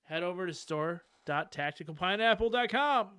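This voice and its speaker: A man hosting a casual podcast, talking in an animated, profane way and laughing often. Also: high-pitched, normal speed, clear, resonant tone, dry recording, clean studio sound. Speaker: podcast host.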